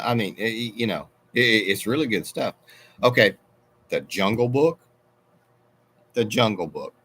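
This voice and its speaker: A middle-aged man chats with his livestream viewers in a deep, low voice. He takes his time and drifts from one tangent to the next, often stopping and restarting his sentences. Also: a bit bright, a little hiss or hum. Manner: rambling, meandering, self-interrupting. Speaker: livestream host. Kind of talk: casual live chat reading viewer comments.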